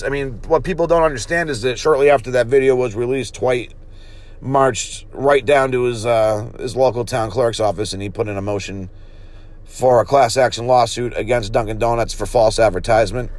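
A man hosting a comedy podcast, rambling along in a deadpan, hesitant chat. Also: medium pitch, normal speed.

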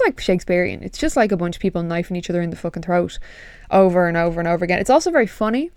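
A young woman with a husky voice, chatting casually and swearing a lot as a podcast host. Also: on the low side, racing, dry recording, studio quality. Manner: sweary, animated, rambling. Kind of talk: casual chat.

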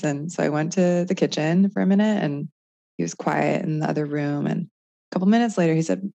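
A woman's voice: on the low side, moderate pace, warm tone, no room sound, dull audio. A woman, likely in her thirties, co-hosting a podcast and talking things through reflectively with many fillers. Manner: reflective, thinks aloud with frequent fillers. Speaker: podcast co-host. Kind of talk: casual conversation.

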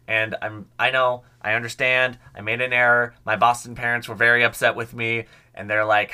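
A bright, forward-sounding young man narrating a history podcast in a casual, chatty way. He sounds eager about the subject, with mid-range pitch. Relaxed, conversational delivery throughout. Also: fairly quick, few pauses. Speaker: podcast host.

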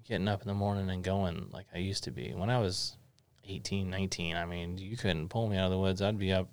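A man's voice: deep voice, brisk, smooth. A middle-aged man hosting an interview, chatting in an easygoing, rambling way as he thinks aloud. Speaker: podcast host. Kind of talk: casual interview chat.

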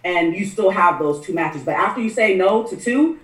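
A woman working as a matchmaker, talking candidly as a podcast guest and acting out her clients in quick asides. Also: medium pitch, lively intonation, echoey room, far from the mic, over a noisy crowd, poor audio. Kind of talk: casual podcast interview.

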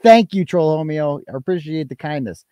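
Male live-stream host, casual and crude, animated pitch, dry sound. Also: fairly quick, no room sound. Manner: loose, joking, crude asides. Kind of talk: casual live-stream chat reading donations.

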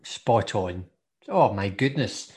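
A Scottish man co-hosting a podcast in casual chat, jokey and quick to laugh. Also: fairly low pitch, expressive, darkish tone. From Scotland. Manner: jokey, chatty, laughs often. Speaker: podcast co-host.

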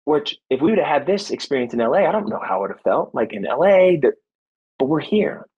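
A man in his thirties, a former football player, telling a personal story in a podcast interview, earnest and animated, acting out what people said. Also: on the high side, fast talker, slightly rough, highs cut off. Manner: faith-centered, reflective. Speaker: guest, former football player and motivational speaker.

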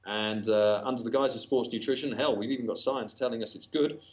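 A man's voice: medium pitch, a little fast. A man with a Northern English accent, a podcast guest talking casually with dry humor and many fillers and restarts. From Northern England.

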